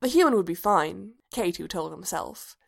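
A woman narrating a story aloud in a calm, even voice. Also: lowish voice, normal speed, creaky. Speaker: story reader. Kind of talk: scripted narration.

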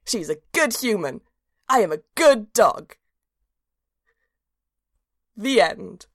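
A woman's voice: mid-range voice, slow, dry recording, studio quality, full character voice. A woman as an earnest, cheerful little dog narrating. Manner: earnest childlike storytelling, animated. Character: cheerful simple-minded small dog narrator. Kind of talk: storybook narration.

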